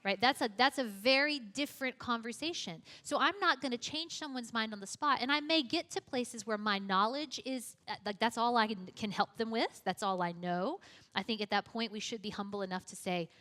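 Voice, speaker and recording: A woman's voice: on the high side, brisk, pushed and bright. A young woman giving a conversational teaching talk, chatty and self-deprecating, with frequent casual asides. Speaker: youth apologetics teacher.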